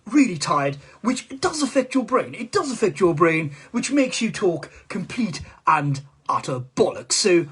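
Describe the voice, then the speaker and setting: A man's voice: sits high, big pitch swings, measured pace, few pauses, fairly bright tone, breathy edge, full character voice. A man doing a stammering, sweary politician. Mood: rambling. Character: rambling foul-mouthed male politician impression. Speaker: comedian. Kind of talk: comic live-stream monologue.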